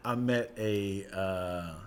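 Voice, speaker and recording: A man co-hosting a podcast in casual chat, easygoing, agreeing quickly and laughing often. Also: low voice, smooth. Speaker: podcast co-host.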